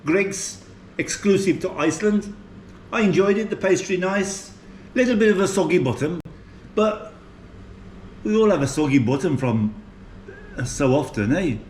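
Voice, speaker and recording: Older English man, light West Midlands accent, rambling casual food vlog, slightly high voice, echoey room with faint background hum. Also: expressive, moderate pace, pauses often, darkish tone. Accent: English, West Midlands with a Maltese tinge. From England, West Midlands. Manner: chatty, rambling, chuckling. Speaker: food vlogger.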